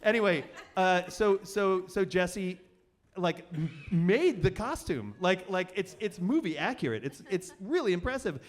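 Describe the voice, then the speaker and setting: A man's voice: high-pitched, lively intonation, measured pace. A man hosting a live storytelling show, telling a funny personal story on stage with many fillers and restarts. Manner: rambling and self-deprecating, many fillers and restarts.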